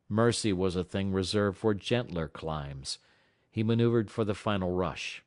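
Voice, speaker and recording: A man reading a novel aloud as an audiobook narrator, measured and dramatic, dropping low at tense moments. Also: no echo, studio quality.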